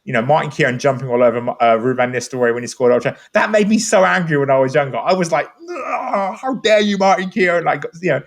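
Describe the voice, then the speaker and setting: Man, podcast panelist, fast-paced, enthusiastic, rambling, casual chat. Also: mid-range voice, vocal fry.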